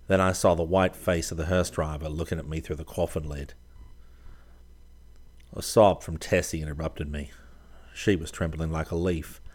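A man reading a first-person story aloud as an audiobook narrator. His voice sits very low, and his delivery is measured and dramatic.

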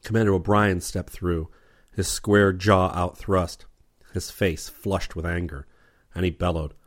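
Deep-voiced male audiobook narrator. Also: steady tone, a little slow.

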